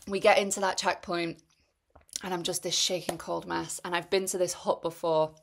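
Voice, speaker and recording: A young woman tells the story of her race candidly, laughing often and poking fun at herself. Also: lowish voice. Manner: chatty, laughs often, self-deprecating. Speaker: ultrarunner recounting her race.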